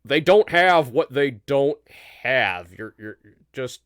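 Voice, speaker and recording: A man hosting a casual live chat show, talking in halting bursts with frequent restarts. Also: mid-range voice, animated, smooth, no room sound, studio quality. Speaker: podcast host.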